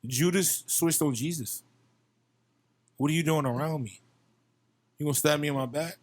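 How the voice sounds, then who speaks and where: A man's voice: fairly high pitch, moderate pace. A young man from Virginia, a musician guest on a podcast, talking in a passionate, profane casual chat and often repeating himself.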